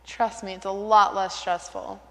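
A woman acting in a church skit as a calm believer who gives reassuring, matter-of-fact advice about prayer. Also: mid-range voice, a little slow, vocal fry. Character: calm, faith-filled woman advising a friend. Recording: reverberant church hall.

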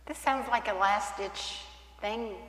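A woman's voice: mid-range voice, takes it slowly, fairly bright tone. A woman acting in a church skit as an exasperated married woman who would rather smash things than pray, speaking hesitantly with dry humor. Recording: echoey hall with faint ambience.

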